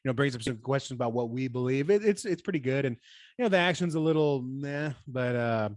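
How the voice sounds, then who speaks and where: A man co-hosting a casual podcast chat, laid back, often trailing off quietly and chuckling. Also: medium pitch, lively intonation, a little fast, dry recording, studio quality. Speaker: podcast co-host, pastor.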